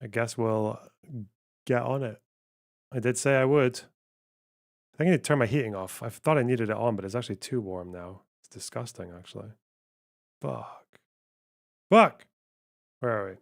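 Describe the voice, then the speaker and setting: A man's voice: medium pitch, a little fast, creaky, a little mellow, no room sound. A male streamer hosts a casual live broadcast with a mid-range voice. He mutters and chuckles in an offhand way, and the sound is dry and close. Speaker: streamer host reacting to clips.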